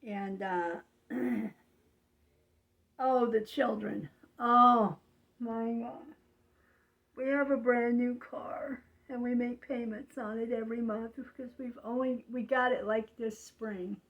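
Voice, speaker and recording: Older woman, slow confiding talker, rambling neighborhood chat. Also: fairly high pitch, fairly even intonation, muffled recording. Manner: slow, rambling, confiding, with frequent "you know". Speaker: vlogger. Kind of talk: casual monologue.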